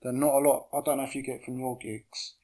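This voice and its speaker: A man's voice: mid-range voice, little pitch movement, quick pace, warm tone. A man, a house DJ guest on a podcast, talking keenly and swearing freely. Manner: enthusiastic, swears often. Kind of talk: casual chat.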